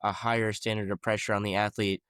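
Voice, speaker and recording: Fast-talking low-voiced man. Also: level tone, fairly bright tone, smooth, no room sound, clean studio sound. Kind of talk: podcast discussion.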